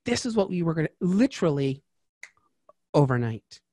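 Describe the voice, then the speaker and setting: A man talking as a tax strategist guest in a casual interview, lively and chatty with lots of asides. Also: on the high side, moderate pace, dry recording.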